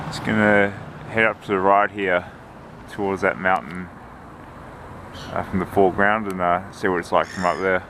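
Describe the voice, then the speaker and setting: Carrying his camera on a windy walk through a lakeside and hillside town, a low-voiced man narrates a travel vlog at normal speed, chatting casually and thinking aloud in a relaxed way. He is a travel vlogger and marathon runner, and wind and traffic noise fill the recording.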